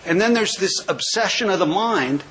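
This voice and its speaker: A man's voice: sits high, expressive, a bit bright, slight background noise, low-quality recording. Wry older man telling recovery stories. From California, USA. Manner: wry storyteller, quick jokes. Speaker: AA speaker. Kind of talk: humorous recovery talk. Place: convention hall.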